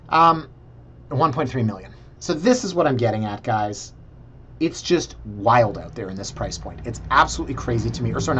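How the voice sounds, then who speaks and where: A man's voice: medium pitch, fairly bright tone, slightly rough. A Canadian man casually talking viewers through property listings in a chatty, sarcastic way. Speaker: real estate vlogger.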